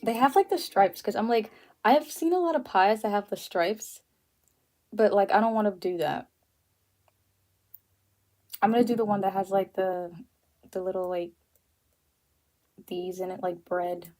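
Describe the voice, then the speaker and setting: With faint music playing, a young woman hosts an art livestream and chats casually as she draws, her talk full of fillers and frequent laughter. She speaks unhurriedly with long pauses, in a medium-pitched, darkish voice.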